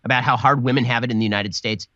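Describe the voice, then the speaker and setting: Fast-talking mocking commentator. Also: male voice, medium pitch, fairly even intonation, sharp tone, dry recording, highs cut off. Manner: mocking, sarcastic. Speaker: political commentator. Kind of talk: rapid-fire commentary.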